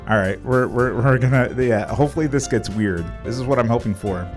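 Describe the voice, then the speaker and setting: A young man casually commenting on his live game stream, swearing freely and reacting loudly. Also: mid-range voice, brisk. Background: game music.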